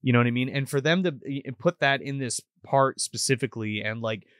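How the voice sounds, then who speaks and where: A man's voice: medium pitch, brisk, a bit bright, dry recording, clean studio sound. A man co-hosting a podcast, chatting casually and profanely about a horror movie, retelling its scenes. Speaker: podcast co-host. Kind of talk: casual movie review chat.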